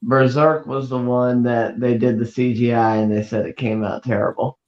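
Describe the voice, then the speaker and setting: A man's voice: mid-range voice, little pitch movement, normal speed, darkish tone, dull audio. A man co-hosting a fan radio show, chatting casually in a laid-back, joking way. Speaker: co-host. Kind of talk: casual chat.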